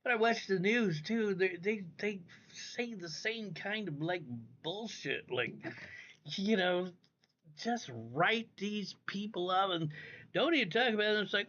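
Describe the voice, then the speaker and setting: A man's voice: high voice, a little slow, bright, forceful tone. A man hosting a casual livestream, rambling and cursing freely as he talks straight to his viewers from home. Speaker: livestream host. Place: indoors at home. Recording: dull lo-fi audio.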